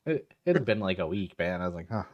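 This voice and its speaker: A man's voice: low voice, very animated, quick pace, no room sound, lo-fi sound. A man hosting a podcast, chatting casually and laid-back, saying "dude" often. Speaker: podcast host. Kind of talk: casual chat.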